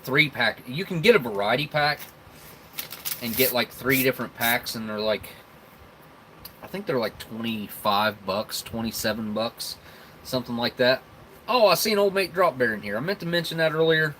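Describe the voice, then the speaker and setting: A man's voice: mid-range voice, normal speed, pushed and bright, slight background noise, poor audio. A man with a Southern rural American accent hosting a casual live stream, rambling and chuckling as he tastes snacks and talks with his mouth full.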